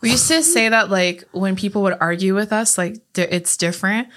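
A young woman co-hosting a podcast, reading out quotes sent in by listeners. She talks casually at a middling pitch and giggles often between lines. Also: normal speed, a bit bright. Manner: giggly, reads quotes aloud. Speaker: podcast co-host.

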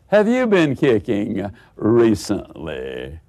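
Man giving a motivational talk, super lively swoopy voice, acts out little stories. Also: mid-range voice, unhurried. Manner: animated storyteller who acts out characters; asks rhetorical questions. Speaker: motivational speaker. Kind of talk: motivational storytelling speech.

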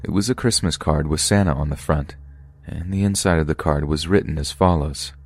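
A man with an extremely deep voice reads true horror stories in a steady, measured narration. The sound is dry and close, with no room around it. He keeps an even, deliberate storytelling pace throughout. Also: dry recording. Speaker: podcast narrator. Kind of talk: scripted narration of scary stories.

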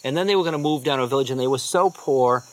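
A man, a spiritual teacher, telling unhurried rambling anecdotes with soft trailing asides. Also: mid-range voice. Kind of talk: storytelling talk.

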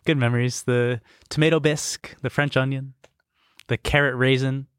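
A young man with an ordinary mid-range voice, co-hosting a comedy podcast. He teases his partner with quick jokes and interjections. The mic is close and dry. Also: mid-range voice, flat delivery, fairly bright tone, smooth, dry recording. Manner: teasing, quick joking interjections. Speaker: podcast co-host. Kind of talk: casual comedic chat.

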